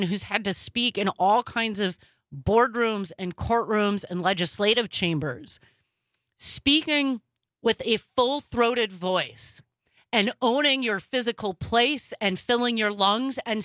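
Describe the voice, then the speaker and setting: Woman talk radio host, emphatic and opinionated, bright edge, slightly high voice. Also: no room sound.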